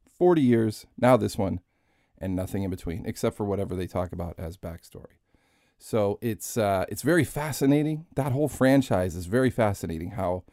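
Rambling, mellow-voiced podcast host man. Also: lowish voice, dry recording, clean studio sound. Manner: rambling, chatty, swears, self-deprecating. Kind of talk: casual podcast monologue.

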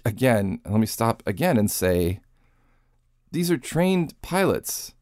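A man's voice: low voice, animated, measured pace, a little mellow, no echo, clean studio sound. A man hosting a podcast in casual commentary style. He sounds sarcastic and incredulous, and he swears freely. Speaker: podcast host.

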